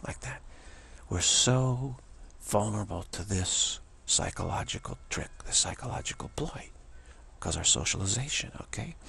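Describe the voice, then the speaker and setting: Gravelly raspy man rambling. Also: on the low side, fairly bright tone. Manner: acts out quoted voices, many restarts. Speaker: spiritual speaker. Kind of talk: rambling monologue.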